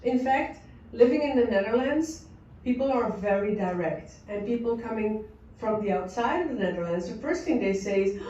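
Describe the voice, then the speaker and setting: Woman lecturing real slow, mellow voice, sounds far off in an echoey room. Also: fairly high pitch, lively intonation. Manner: slow, explanatory, acts out short quoted examples. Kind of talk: recorded lecture on culture. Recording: echoey, distant, dull audio.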